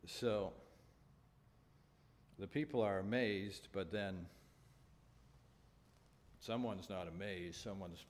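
Deep-voiced man preaching in a reverberant hall. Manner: earnest, measured, with pauses and restarts. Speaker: pastor. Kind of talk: sermon with scripture reading. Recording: long reverb, faint background noise.

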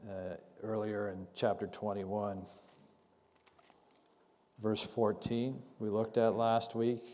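A man preaching a sermon as pastor, conversational and unhurried, acting out scripture dialogue as he teaches. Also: lowish voice, little pitch movement, dark tone. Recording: long hall reverb.

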